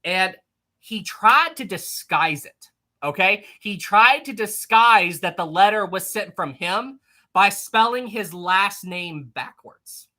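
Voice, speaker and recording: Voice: mid-range voice, lively intonation, slow pace, sharp tone. A young adult hosting a livestream, chatting casually about history, rambling and reading chat messages aloud. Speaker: livestream host.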